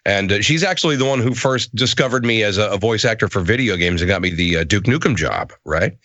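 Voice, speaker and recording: A middle-aged man telling stories as a guest in a casual interview. He is lively and self-deprecating, and his pitch swings all over. His bright voice sounds dry and close to the mic. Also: fast, no room sound, lo-fi sound. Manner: animated, self-deprecating storyteller. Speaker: voice actor guest.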